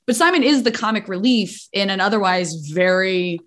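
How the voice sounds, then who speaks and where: A woman hosts a relaxed group chat over a video call. Her voice sits in an ordinary middle range. She laughs easily and fires off quick follow-up questions. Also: medium pitch. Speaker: host of a podcast talkback.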